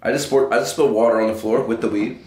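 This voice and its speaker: A man's voice: mid-range voice, fairly even intonation, fast, a little mellow. A man giving a casual, joking, profane review, full of swearing and banter. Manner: brash, joking, swears a lot. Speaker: cannabis strain reviewer. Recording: echoey room with faint noise.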